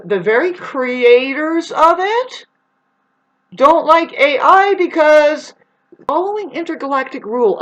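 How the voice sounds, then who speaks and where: A woman in a rambling spiritual monologue, agitated and profane, swinging between loud outbursts and low muttering. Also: lo-fi sound. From United States. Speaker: spiritual vlogger.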